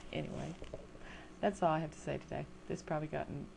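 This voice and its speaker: A woman's voice: sits low, little pitch movement, moderate pace, vocal fry, darkish tone, a little hiss or hum. An older woman ranting casually into a webcam at home, chatty, exasperated and self-mocking. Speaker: video blogger. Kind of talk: casual rant to camera.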